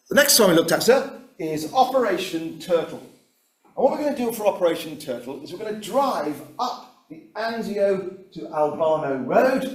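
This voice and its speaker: A man giving a history lecture, acting out generals' conversations as a lively storyteller. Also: fairly high pitch. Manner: animated storyteller voicing generals in dialogue. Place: lecture room. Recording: echoey room, Zoom recording.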